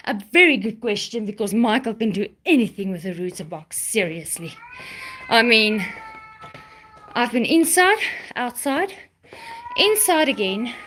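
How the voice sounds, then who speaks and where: A woman's voice: fairly high pitch, fairly bright tone, a little hiss or hum. A woman chatting casually with viewers of her live stream while walking around, out of breath. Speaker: vlogger.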